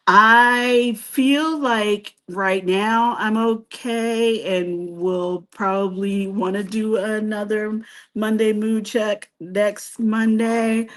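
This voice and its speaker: A woman with a mid-range, fairly bright voice hosts a cruise travel live stream, chatting casually with viewers and reading out their comments. She's talkative, laughs often, and pokes fun at herself.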